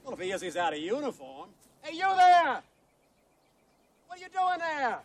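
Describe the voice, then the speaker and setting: Brief: a furious, foul-mouthed country-club golfer, very high-pitched, set back from the mic. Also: male voice, huge pitch swings, normal speed, exaggerated voice. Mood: belligerent. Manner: yelling, aggressive, swearing. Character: angry entitled male golfer, belligerent and profane. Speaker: golfer in a film clip. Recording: distant film audio with faint noise.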